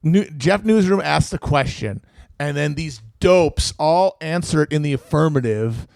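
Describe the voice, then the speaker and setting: A man's voice: fairly high pitch, lively intonation, unhurried, gravelly, a little mellow, no echo. A man co-hosting a comedy podcast, profane and mocking. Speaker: podcast co-host. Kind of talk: casual comedic chat.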